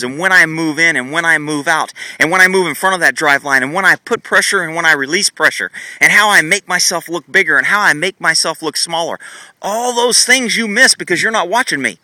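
A blunt, sarcastic man explains horse training as he rambles on. His voice sits high for a man and rings very bright. The sound is dry, from a phone filming outdoors in a paddock. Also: dry recording, low-quality recording. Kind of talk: casual teaching vlog. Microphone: phone camera held while filming.

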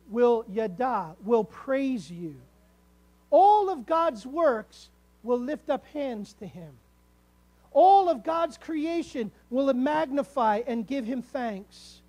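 Emphatic calls mark the peaks of this sermon, delivered by a man with a high voice to his congregation. He lingers on key words for weight, sounding like a pastor at the pulpit, and his voice is a little mellow.

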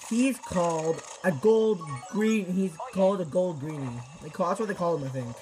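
A teenage boy giving excitable, rambling commentary over his gameplay, full of exclamations and restarts. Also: high voice, brisk, few pauses, noisy background. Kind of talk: casual game commentary.

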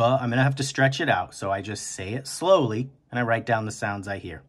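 Husky-voiced man as a gentle kindergarten writing teacher who stretches out every word. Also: lowish voice. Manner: slow, encouraging, stretches out words aloud. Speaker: teacher and podcast host.

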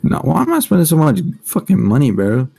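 A man's voice: a little high, brisk, creaky, husky, soft background music. A young man joking and swearing in casual chat during a game stream. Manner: animated, profane, joking.

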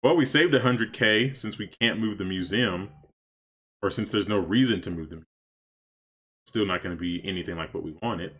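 A man casually commenting on his gameplay for stream viewers, chatty and excitable, talking to his chat. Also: on the low side, moderate pace, husky. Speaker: streamer playing a life-sim game.

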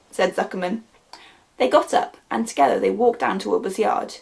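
A woman teacher reading a children's book aloud to her class, expressive and storytelling. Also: medium pitch, fairly quick, vocal fry. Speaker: primary school teacher.

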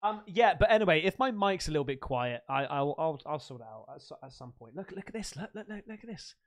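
A man hosting a stream, chatting casually as he unboxes fan mail, excitable, swearing freely and laughing often. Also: a little high, quick pace. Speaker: streamer host.

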